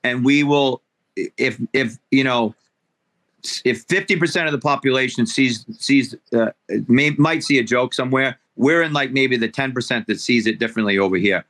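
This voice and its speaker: A man's voice: medium pitch, normal speed, a bit bright. A man co-hosting a radio show, talking thoughtfully and a bit ramblingly about a fellow comedian. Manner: thoughtful, rambling with fillers and restarts. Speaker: comedian co-host. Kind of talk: casual radio chat. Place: radio studio. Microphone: studio microphone.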